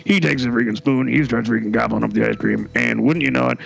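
A man's voice: medium pitch, fairly even intonation, fast, gravelly, husky. A man co-hosting a comedy radio show, rambling through stories with hesitant fillers and "freaking" in every phrase. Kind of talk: rambling comic storytelling.

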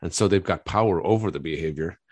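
A family therapist guest speaks fast in a low, darkish, somewhat breathy voice, recorded dry. In this reflective conversational interview he is earnest and explanatory, often repeating words as he thinks.

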